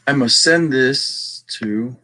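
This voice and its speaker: A Texan man with a bright, forward voice runs a casual livestream. He chats loosely, greets viewers by name and talks to the chat while he works. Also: medium pitch, takes it slowly. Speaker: livestream host.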